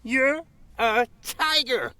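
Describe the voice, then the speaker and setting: A man voicing an excitable dog, yappy and indignant about his bone. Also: very high-pitched, drawn-out words, voice pushed up, full character voice. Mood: alarmed.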